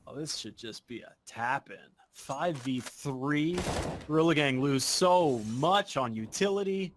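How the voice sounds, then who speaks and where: A man casting an esports match with play-by-play commentary, talking in quick, excitable bursts. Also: on the high side, background noise. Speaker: esports caster.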